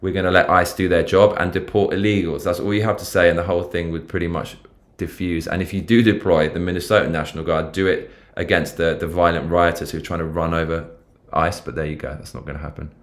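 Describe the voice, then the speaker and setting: Speaking fast in a low, flat voice, a London-accented man hosts a laid-back livestream. He swears and rambles in slangy fashion while commenting on the news and reading what viewers write.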